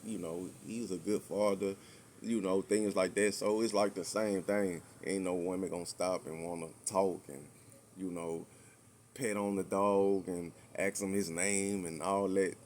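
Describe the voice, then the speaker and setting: A man's voice: sits low, steady tone, a little slow, darkish tone, a little hiss or hum. A man co-hosting a podcast, talking in a laid-back, drawling way full of fillers. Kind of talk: casual podcast chat.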